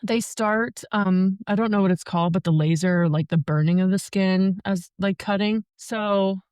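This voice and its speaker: A woman's voice: mid-range voice, normal speed, darkish tone, clear, resonant tone, no room sound, clean studio sound. A young woman, a podcast guest, telling a personal story in a casual, chatty way, joking often and filling her speech with "like". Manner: chatty, joking, many fillers like "like".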